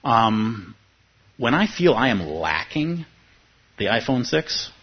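Speaking slowly in a husky, sing-song, mid-range voice, a man teaches meditation to a live audience in a room. The audio is dull; his dharma talk is conversational, with repeated key phrases and rhetorical questions.

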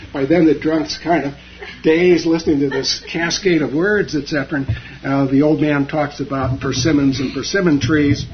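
A man giving a dharma talk, retelling a story with frequent fillers and pauses. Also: fairly high pitch, muffled recording, a little hiss or hum. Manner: halting, many fillers.

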